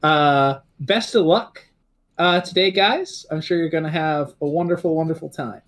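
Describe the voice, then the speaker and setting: A man's voice: fairly high pitch, normal speed, fairly bright tone, natural voice. Smug flashy noble knight guy, breezy and patronizing, a game master puts him on.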